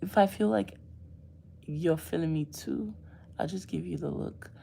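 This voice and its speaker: Woman livestream host, gravelly, teasing, bursts of laughter and mock indignation. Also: fairly low pitch, unhurried, slight background noise. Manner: animated, laughing, playful mock outrage. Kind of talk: casual livestream chat with viewers.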